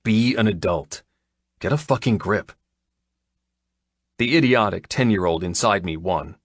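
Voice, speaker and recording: A man's voice: fairly low pitch, lively intonation, measured pace, no room sound, clean studio sound. A man narrating a humorous romance audiobook in the first person, with a wry, cocky delivery.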